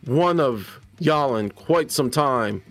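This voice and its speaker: A man's voice: mid-range voice, lively intonation, takes it slowly, a bit bright, no room sound, faint music behind. A man doing a sour scarred scavenger woman. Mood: doubtful. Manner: grumbling, doubtful. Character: gruff scarred female junk scavenger, sourpuss.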